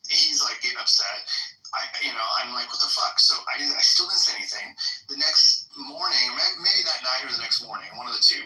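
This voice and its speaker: Blunt guy telling a story fast, swears a ton, bright edge to his voice, sounds roomy and far from the mic. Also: medium pitch. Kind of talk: casual conversation.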